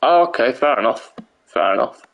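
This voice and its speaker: The recording sounds lo-fi as a young man, at a moderate pace, gives live-stream commentary on a wrestling video game. His mid-range voice is hoarse, and his tired, excitable delivery is full of laughter and swearing.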